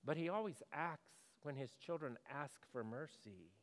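A male pastor preaching a sermon in a conversational way, asking the congregation questions and moving between loud and hushed delivery. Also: fairly high pitch, animated, normal speed, big-room sound.

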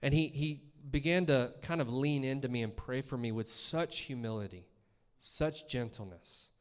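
A man's voice: medium pitch, moderate pace, smooth. Man preaching in a reverberant church. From Columbus, Georgia, US. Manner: conversational storytelling, acting out his own reactions. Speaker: guest preacher. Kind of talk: testimony sermon. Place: church sanctuary.

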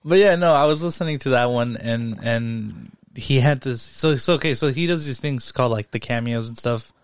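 A young man co-hosting a casual podcast, rambling and swearing freely as he retells stories with animated asides. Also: mid-range voice, moderate pace, clear, resonant tone, no room sound, studio quality. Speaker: podcast co-host. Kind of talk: casual chat.

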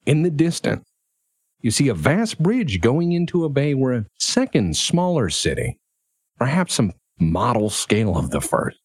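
Lively-voiced man narrating a tabletop game. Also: lowish voice, breathy edge, no room sound. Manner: descriptive, profane, laughs easily. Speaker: game master.

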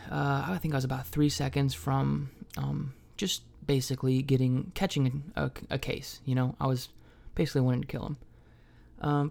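Young male podcast host, solo comic storyteller, profane and self-mocking, gravelly fry in a low mellow voice.

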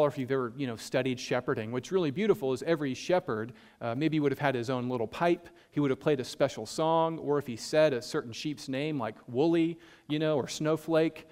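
A man preaching a sermon, reading scripture slowly and explaining it in a casual, conversational way with frequent fillers. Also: on the high side, darkish tone. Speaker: pastor.

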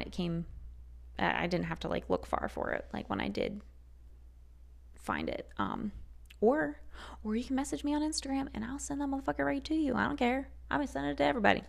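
A woman host talking on her own podcast in a voice with a lot of gravel and fry in it. She talks in a heated, sarcastic way and swears freely. She speaks at a mid pitch. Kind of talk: solo podcast monologue.

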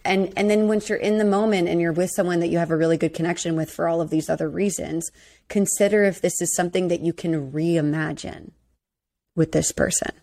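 Blunt, lower-voiced woman co-host. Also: fairly even intonation, fairly quick, creaky, dark tone. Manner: blunt and candid, swears freely. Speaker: podcast co-host. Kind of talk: casual chat reacting to a dating show.

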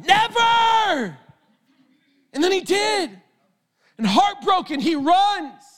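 A male preacher delivering a sermon with passion, often raising his voice to a shout. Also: extremely high pitch, expressive, slow pace.

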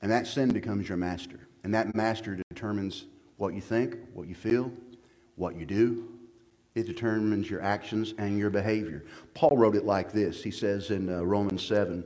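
A man preaching a sermon as pastor, moving from low quiet talk to loud, fervent passages. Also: fairly even intonation, moderate pace, big-room sound.

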